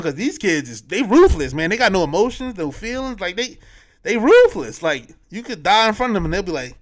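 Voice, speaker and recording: A man's voice: high-pitched, very animated, a little fast. A man hosting a podcast, recapping a film in loose, slangy casual chat, full of fillers and restarts. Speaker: podcast host.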